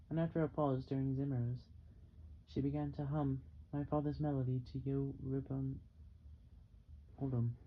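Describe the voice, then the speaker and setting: A man reads a novel aloud in the first person, steady and measured, at a middle pitch. The sound is a little dull and muffled. A faint hiss runs underneath. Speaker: audiobook reader.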